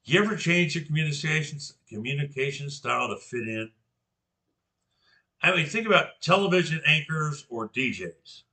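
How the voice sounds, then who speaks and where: Older man with a very bright, sharp voice. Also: on the high side, lively intonation. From Georgia, US. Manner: deliberately articulated words, frequent restarts. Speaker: presenter. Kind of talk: informal class presentation.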